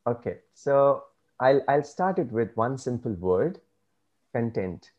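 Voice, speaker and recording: A man speaking as an interview guest, earnest and measured, giving reflective advice. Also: medium pitch, sing-song, a little mellow, muffled recording.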